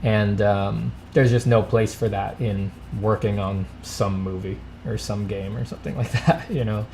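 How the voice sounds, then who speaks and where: A man's voice: on the low side, steady tone, normal speed, gravelly, darkish tone, a little hiss or hum. A man hosting a casual livestream, answering viewer questions and thanking donors with dry, self-mocking humor. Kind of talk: casual livestream chat, reading donations.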